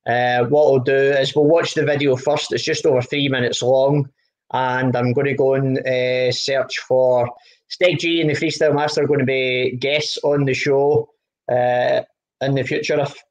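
A man's voice: on the high side, rough recording. A man hosting a casual podcast, enthusiastically introducing music videos. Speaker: podcast host.

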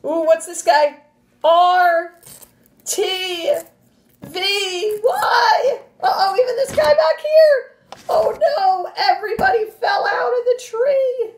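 A woman teacher reads a picture book aloud to young children, animated and expressive, with gasps and playful sound effects, before giving the class instructions. Her voice is very high-pitched and slow, and the recording has a roomy echo.

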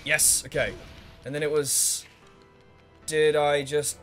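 A man with a slightly high voice commentates his own let's play at a slow pace, leaving long pauses, with faint music behind him. He's still excitable and swears freely, humming to himself as he thinks and yelling at the game characters.

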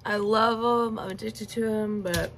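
A woman's voice: mid-range voice, fairly even intonation, moderate pace, slight background noise, rough recording. A young woman in a casual eating vlog, chatting and giggling while she chews, recorded on a phone indoors. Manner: chatty, giggly, talks while chewing with mouth full. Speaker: mukbang vlogger.

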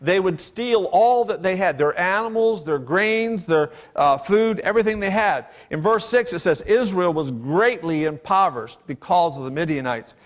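Man, preacher, high-pitched, earnest, emphatic, sermon. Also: lively intonation, moderate pace, few pauses. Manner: earnest, emphatic, dramatizes scripture paraphrases; reads King James verses aloud and explains them.

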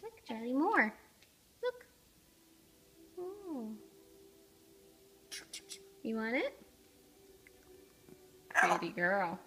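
High sing-song woman cooing to pets. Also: very animated, extremely slow, pauses often, fairly bright tone. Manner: sing-song and affectionate toward animals. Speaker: pet owner vlogger. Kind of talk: cooing baby talk to pets.

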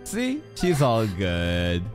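A man giving casual, excitable reaction commentary as an anime streamer, swinging from loud outbursts to low mutters. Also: very slow. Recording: anime music audible underneath. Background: anime soundtrack playing.

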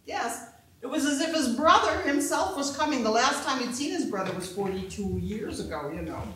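A woman's voice: sits high, expressive, moderate pace, a bit bright. An actress playing a woman of the family who recalls the grandfather with earnest wonder, recorded far off in a very echoey theater with faint hiss. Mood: wistful. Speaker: actor in a staged play reading. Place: theater stage.

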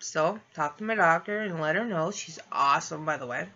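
Woman vlogger, casual storytelling, bright tense voice, lowish pitch, laughs along. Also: moderate pace, hardly any pauses, muffled recording. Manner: rambling, laughs through her own story. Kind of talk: casual personal storytelling to camera.

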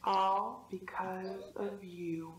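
A woman's voice: medium pitch, little pitch movement, very slow, dull audio. A woman voicing a jolly Texan Christmas ghost. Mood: coaxing. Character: jolly female Christmas ghost of present times. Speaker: character in an animated fan video.

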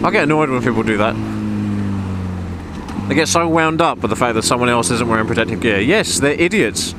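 A man, rambling and ranting casually in his own vlog outdoors by a car park. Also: fast talker. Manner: rambling, ranting, animated pitch swings. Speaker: motorcycle vlogger. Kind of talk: casual chat. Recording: loud outdoor wind and traffic noise.

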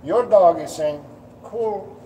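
Slow, mellow-voiced man giving dog advice. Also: fairly high pitch, far from the mic, a little hiss or hum, low-quality recording. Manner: patient, explanatory, acts out dogs' thoughts in playful voices. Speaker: dog trainer hosting a live Q&A. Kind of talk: casual live-stream advice. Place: indoors at home, dogs nearby.

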